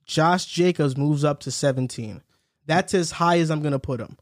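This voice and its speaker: A young man hosting a casual sports podcast with a slightly high voice. The sound is dry and close. He tells stories through laughter and rattles off lists at a quick clip. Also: no echo. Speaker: podcast host.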